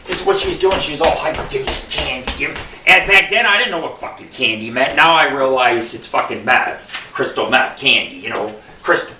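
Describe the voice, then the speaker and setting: A man's voice: medium pitch, animated, a little fast, hardly any pauses, bright, forceful tone, slight background noise. A man from Buffalo hosting a radio show, telling rambling, profane stand-up style stories. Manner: profane, rambling and digressive storytelling. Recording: echoey room, far from the mic.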